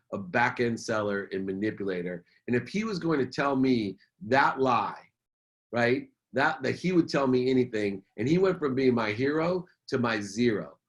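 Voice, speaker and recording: A man's voice: medium pitch, fairly bright tone. A middle-aged man, a businessman and motivational speaker, telling a personal story as a podcast guest in an earnest, emphatic way, repeating key phrases.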